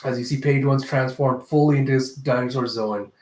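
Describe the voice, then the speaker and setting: A man's voice: medium pitch, fairly even intonation, a little fast, slight background noise. A man casually reviewing a comic chapter, rambling and correcting himself as he goes. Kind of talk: casual reaction commentary. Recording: echoey room.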